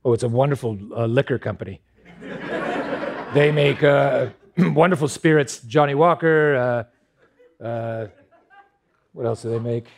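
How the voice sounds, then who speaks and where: A man's voice: mid-range voice, measured pace, vocal fry, pauses often. A man co-hosting a podcast in a casual comedic chat, playful and given to mock-serious bits. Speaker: podcast co-host.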